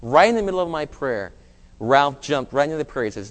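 A man's voice: fairly high pitch, animated, brisk, big-room sound. A man preaching a sermon, reading scripture and telling a personal story in an earnest way. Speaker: pastor.

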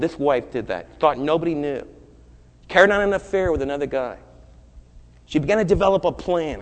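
A man who is a pastor delivering a sermon, moving from loud, urgent preaching to hushed, low storytelling. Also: expressive, a little fast, long pauses, big-room sound.

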